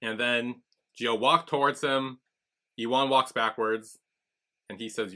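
A man co-hosting a podcast in easy, chatty recap mode. His voice is bright and forceful at an ordinary middle pitch, and he keeps breaking into quick impressions of the characters as he walks through each scene. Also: fairly even intonation. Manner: chatty, acts out characters' lines while retelling. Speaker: podcast co-host. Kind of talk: casual recap chat.

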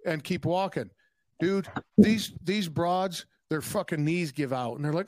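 A young adult man telling profane, animated stories in a casual podcast chat. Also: on the high side, moderate pace, dry recording. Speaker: podcast guest.

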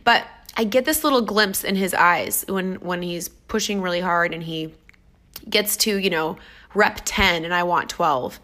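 A woman's voice: fairly low pitch, unhurried. A woman fitness trainer telling stories about her clients in a casual, enthusiastic vlog. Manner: upbeat, enthusiastic, animated storytelling.

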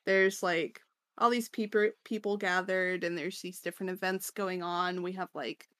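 A woman's voice: lowish voice, fairly even intonation, normal speed, a bit bright, no room sound, studio quality. A woman co-hosting a podcast, recapping chapters in casual chat, full of fillers and laughter. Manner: chatty, lots of fillers and laughter. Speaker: podcast co-host.

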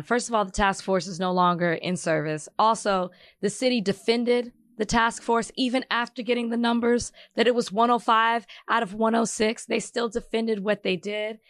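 A woman's voice: medium pitch, fairly bright tone, no echo, studio quality. Blunt woman co-hosting a podcast. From Southern US. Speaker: podcast co-host. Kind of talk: casual chat.

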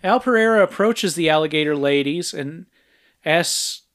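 A man's voice: on the high side, moderate pace, a bit bright. A man co-hosting a podcast, walking through a movie's plot in a casual, step-by-step recap with frequent filler sounds. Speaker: podcast co-host.

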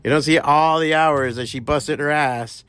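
A man's voice: on the high side, normal speed, smooth. A man hosting a podcast, ranting bluntly with heavy swearing and bits of Spanish slang. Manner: profane, blunt and animated. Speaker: podcast host. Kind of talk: casual ranting commentary.

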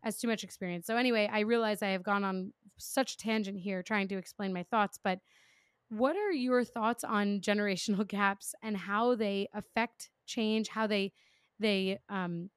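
A woman's voice: medium pitch, normal speed, clear, resonant tone, no room sound, studio quality. A woman hosting a casual interview, thinking aloud in a rambling, self-aware way before putting a question to her guest. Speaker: podcast host.

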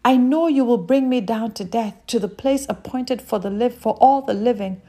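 A woman's voice: fairly high pitch, normal speed, warm tone. A woman preaching a sermon, reading scripture aloud and speaking directly to her listeners in an earnest way.

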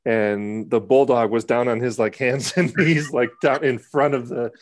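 A man's voice: medium pitch, fairly even intonation, unhurried. A man co-hosting a podcast, telling stories in a rambling, self-interrupting way with chuckles. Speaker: podcast co-host. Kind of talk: casual chat.

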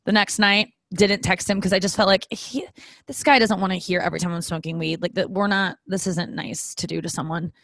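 Talking solo into her podcast microphone, the forties-aged host rambles loosely, mocks herself, curses casually and keeps veering off before returning. Her voice sits on the low side with vocal fry, brisk and fairly bright, its intonation fairly even, and the audio is close and dry with no surrounding room.

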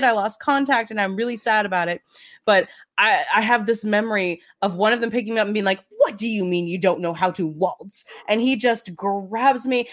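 A woman's voice: mid-range voice, a bit bright. A young woman co-hosting a casual chat, telling long rambling anecdotes. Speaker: podcast co-host.

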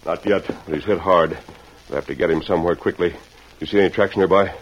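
A man acts out a commanding masked hero who speaks fast and decisively. His voice is low. It comes through a dull old radio recording with a faint hiss. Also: fairly even intonation, close to an everyday voice. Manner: brisk, commanding. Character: masked male hero rider, commanding and quick-thinking. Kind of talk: 1940s radio acting.

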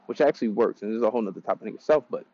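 Gravelly low-voiced man, blunt and profane. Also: racing, mellow, highs cut off. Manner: blunt, profane, rambling storytelling. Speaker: dating advice podcaster. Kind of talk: casual monologue.

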